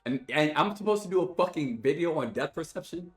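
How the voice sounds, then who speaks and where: A man's voice: a little high, animated, fairly quick. A young man streaming games, ranting angrily and profanely to his chat in an exasperated, sighing voice. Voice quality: profane, exasperated, with heavy sighs. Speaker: gaming streamer. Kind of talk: angry rant to stream chat. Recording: roomy echo with faint music.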